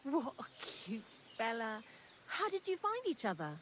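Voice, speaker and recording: A woman's voice: on the high side, big pitch swings, normal speed, fairly bright tone, a little hiss or hum. A woman voicing a talkative young woman hiding out in a thieves' lair in a video game, candid and dryly morbid. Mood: chatty. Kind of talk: game character dialogue.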